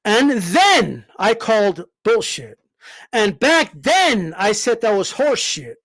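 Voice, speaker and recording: A man's voice: high-pitched, very animated, takes it slowly, a bit bright. A man, a boxing commentator, ranting heatedly, full of swearing, with emphatic repeated "all right?" checks. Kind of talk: heated rant.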